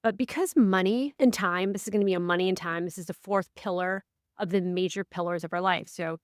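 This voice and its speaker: Animated woman podcast host. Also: brisk, clean tone, no room sound, clean studio sound. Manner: animated storyteller, acts out quotes with big pitch swings. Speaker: podcast co-host and life coach. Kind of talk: casual podcast chat.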